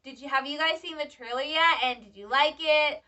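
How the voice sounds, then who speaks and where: A young woman from Michigan, a student, chatting excitedly to camera in a casual reaction vlog. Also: high voice, moderate pace. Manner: excitable, chatty fan talk. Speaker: vlogger, student. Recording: slightly distant, dull lo-fi sound.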